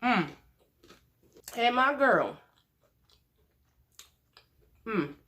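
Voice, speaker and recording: Lady doing a mukbang vlog, bit high voice, chatty and laughing a lot. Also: big pitch swings, slow pace, bright, forceful tone. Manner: chatty, playful, laughs often. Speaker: mukbang vlogger. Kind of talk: casual chat while eating.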